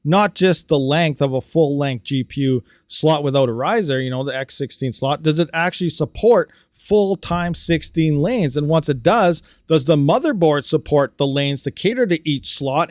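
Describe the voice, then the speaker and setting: A man hosting a casual livestream, ranting about hardware and reading out viewer comments, animated and quick to get riled up. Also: a little high, no room sound, clean studio sound. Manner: animated, ranting, talks fast then trails off quietly. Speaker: crypto mining livestream host.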